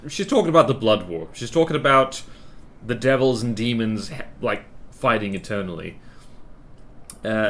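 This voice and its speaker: A man's voice: on the low side, expressive, normal speed, fairly bright tone. A man streaming a video game, reading its text aloud and joking in casual commentary. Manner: jokey, reads game text aloud between quips.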